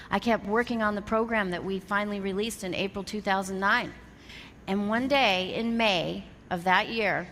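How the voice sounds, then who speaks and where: Woman storyteller in a reverberant hall. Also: medium pitch. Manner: animated, retells dialogue in quotes, builds to emphatic lessons. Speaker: motivational speaker. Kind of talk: storytelling motivational talk. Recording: reverberant hall, faint background noise.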